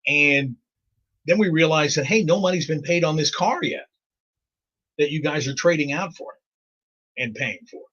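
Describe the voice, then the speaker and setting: A middle-aged man co-hosts a radio morning show, drifting through rambling anecdotes with frequent chuckles. His voice is slightly high and husky. The sound comes through as muffled, lo-fi stream audio. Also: normal speed, long pauses, fairly bright tone. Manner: rambling storyteller, chuckles often. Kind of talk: casual on-air banter.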